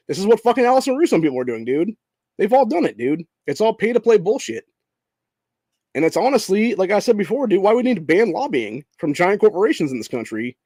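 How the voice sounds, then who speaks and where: A man's voice: sits high, a little mellow, no room sound, clean studio sound. A young man from Ohio hosting a political show, ranting heatedly and profanely, calling listeners "dude" and "bro". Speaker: political podcast host. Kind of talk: angry political rant.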